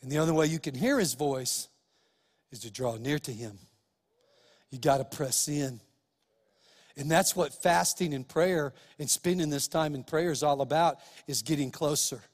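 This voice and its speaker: A man's voice: a little high, unhurried, long reverb tail. A pastor preaching a sermon, emphatic and speaking straight to his listeners with rhetorical questions.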